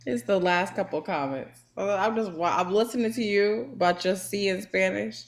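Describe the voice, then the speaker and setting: A woman's voice: medium pitch, moderate pace. A woman co-hosting a livestream, reading viewer comments aloud in an upbeat, playful way. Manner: upbeat, reads comments aloud, laughs often. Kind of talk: casual livestream chat.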